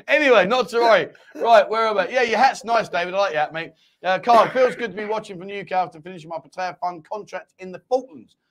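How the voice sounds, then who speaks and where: A man's voice: high voice, fairly quick, a bit bright. A man hosting a casual live-stream chat show from a small home studio, jokey and rambling as he reads out viewer comments. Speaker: host.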